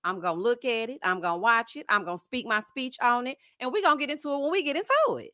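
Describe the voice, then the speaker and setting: A woman hosting a live TV gossip stream, sassy and animated, calling her viewers honey and child. Her voice sits a little high and sounds bright and forceful. The sound is dry and close, with almost no room echo. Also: quick pace. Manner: laughs often, greets chat viewers. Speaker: TV recap show host.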